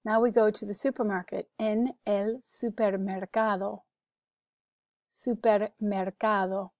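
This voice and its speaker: An American woman teaching a recorded Spanish vocabulary lesson, slow and careful, saying each word twice for pronunciation. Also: mid-range voice, steady tone, mellow, no room sound. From United States.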